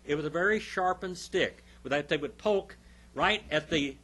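A man's voice: fairly high pitch, normal speed, a crowd in the background. A male pastor teaching a Bible class, emphatic, stopping often to quiz his listeners with questions.

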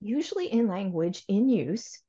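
A woman's voice: medium pitch, big pitch swings, a little slow, mellow, husky. Woman, expert guest, thoughtful explainer, self-correcting, dull lo-fi call audio. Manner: thoughtful, self-correcting, acts out learner questions. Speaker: language education expert guest. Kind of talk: explanatory interview talk.

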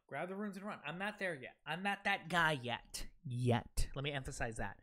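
A young man streaming a video game live, reacting excitably, talking to himself and thanking chat. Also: on the high side, moderate pace, few pauses. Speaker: gaming livestreamer. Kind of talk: live gameplay commentary.

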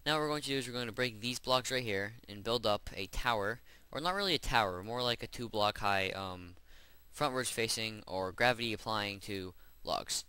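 A Minecraft tutorial host with a fairly low, bright, forceful voice speaks at a moderate pace, sounding clear and resonant with no echo. During his gameplay voice-over, he casually rambles through each building step.

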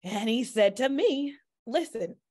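Animated woman with a lowish voice. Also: normal speed, vocal fry. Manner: animated, with sudden jumps in pitch and speed; chatty, with many "like" and "you know" fillers. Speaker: mother sharing a personal testimony. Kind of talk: casual faith testimony storytelling.

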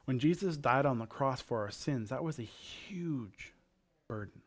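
A man's voice: medium pitch, expressive, a little slow. A male pastor from Canada giving a sermon, telling a parable in a casual, conversational way.

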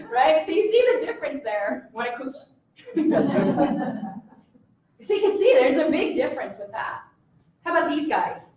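Lively woman trainer in an echoey room. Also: sits high, unhurried, pauses often. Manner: lively, acts out voices of dogs and people. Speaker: dog trainer. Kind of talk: lecture to a live audience. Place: presentation room with audience. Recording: echoey room, mic from far off, dull sound.

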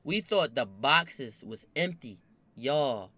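A young man casually telling a wild story from his own life, animated and full of slang and swearing. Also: mid-range voice, slow pace. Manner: animated, slangy, swears a lot, bursts into loud laughing shouts.

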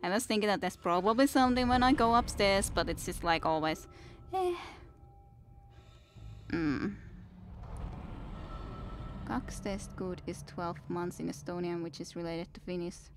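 A young woman with a lowish voice talks loosely through a live game stream. She keeps up easy, rambling chat and answers her viewers between moments of play, with a faint hiss under her voice. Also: normal speed, pauses often. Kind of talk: casual live-stream chat while gaming.

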